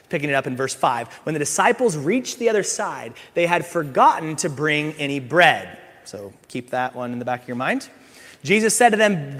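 A middle-aged male pastor preaching a sermon, animated, swinging from loud emphasis to hushed asides and playful acted voices. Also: on the high side. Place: church sanctuary. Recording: church hall with long reverb.

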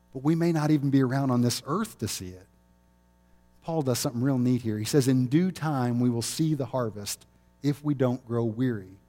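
Brief: male pastor, warm mellow voice, conversational sermon with frequent chuckles. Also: medium pitch. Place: chapel.

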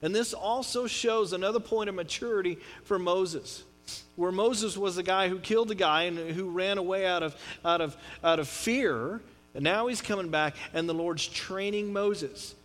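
A middle-aged man preaching a sermon in a conversational, joking way, with swings from loud to quiet. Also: sits high, moderate pace, soft background music. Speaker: pastor.

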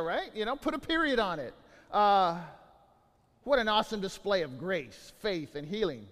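Animated man preaching in an echoing hall. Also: sits high, moderate pace. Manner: animated storytelling, swings from loud to quiet. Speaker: pastor. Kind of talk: sermon.

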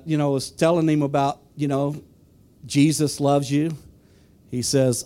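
A man's voice: fairly high pitch, flat delivery, measured pace, long pauses, warm tone. A man preaching a sermon who asks the congregation questions and then tells a personal story.

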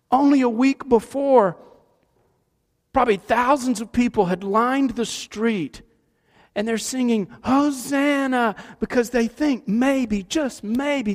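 A middle-aged man preaching a sermon, animated in his storytelling and shifting between loud and hushed delivery. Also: extremely high pitch. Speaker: pastor. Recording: long hall reverb.

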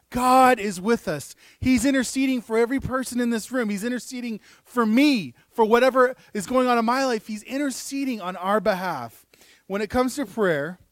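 High-voiced man preaching a sermon. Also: dry recording, studio quality. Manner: earnest, builds to emphatic peaks, with asides and restarts. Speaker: pastor. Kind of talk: sermon with scripture reading. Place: church room.

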